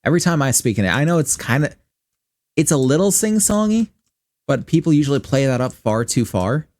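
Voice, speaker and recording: Fairly high-pitched with big swings, a little fast and darkish in tone, this man's voice comes through with no room sound. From Michigan and speaking general Midwestern American, he streams a game with rambling, foul-mouthed, think-aloud chatter.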